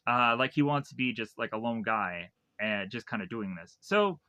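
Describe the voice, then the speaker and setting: A man's voice: medium pitch, animated, moderate pace, pushed and bright. A man casually retelling a film's plot for a review, rambling with lots of fillers and restarts. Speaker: film reviewer.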